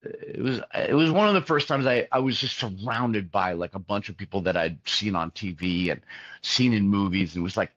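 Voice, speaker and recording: Low-voiced man telling rambling stories. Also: moderate pace, a bit bright, dry recording. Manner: rambling, many fillers and restarts. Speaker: musician, interview guest. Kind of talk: casual storytelling interview. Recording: dull, muffled sound, dry.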